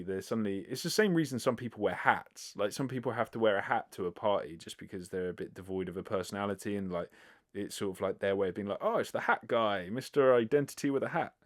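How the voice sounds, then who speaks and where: This British podcast host, whose voice sits lowish, goes it alone answering listener questions. He rambles, puts himself down, swears casually and leans heavily on fillers.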